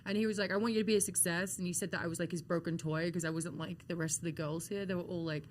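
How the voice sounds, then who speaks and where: A woman with an English accent, an interview guest telling animated, laughing stories with frequent swearing. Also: on the low side, fast talker, a little hiss or hum. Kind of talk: casual storytelling interview. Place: hotel-side event venue in Las Vegas.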